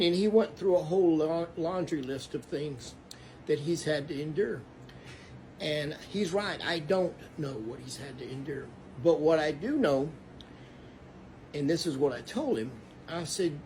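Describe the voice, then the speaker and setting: A man's voice: a little high, unhurried, darkish tone, a little hiss or hum. Earnest man telling a faith story. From Texas. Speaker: Christian storyteller. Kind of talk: casual testimony.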